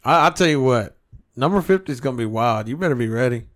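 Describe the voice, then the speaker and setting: Profane, animated podcast host man. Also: medium pitch, fast talker. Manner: profane, animated, mocking impressions. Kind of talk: casual chat.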